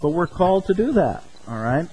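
An older man preaching from the pulpit, his voice sitting somewhat high for a man. He talks to the congregation like a friend, sprinkling in little chuckles and asking "okay?" after his points. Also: big pitch swings, brisk, mellow, a little hiss or hum, low-quality recording. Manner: conversational, tags points with "okay?" and "right?"; chuckles often mid-sentence. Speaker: pastor. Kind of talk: sermon.

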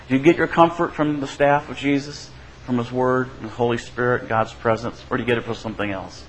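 A man's voice: fairly even intonation, a little fast, slight background noise, low-quality recording. A man preaching a sermon as a pastor, conversational and often checking in with his listeners. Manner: conversational, asks the congregation "right?"; acts out quoted voices with shifts in pitch and loudness.

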